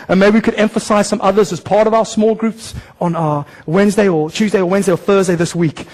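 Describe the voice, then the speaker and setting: A man preaching a sermon as a church pastor, animated and direct, often breaking into quick acted voices. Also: sits high, long reverb tail, poor audio. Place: church hall.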